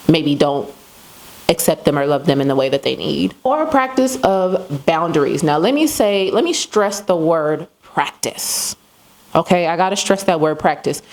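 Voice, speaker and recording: A woman's voice: deep voice, a little mellow. A woman hosting a casual self-help talk, conversational and loose, with many asides and fillers. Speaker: host.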